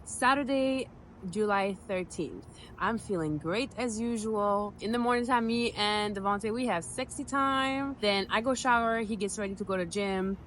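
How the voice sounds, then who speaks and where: A woman's voice: medium pitch, normal speed, slight background noise, low-quality recording. Chatty young woman telling a story. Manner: chatty, animated, acts out her own reactions. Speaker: vlogger telling her birth story. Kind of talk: casual storytelling to camera.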